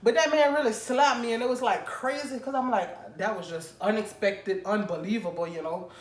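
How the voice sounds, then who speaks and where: A young woman vlogger telling a casual storytime, animated and chatty, talking straight to her viewers. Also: medium pitch, moderate pace. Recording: roomy room with faint background noise.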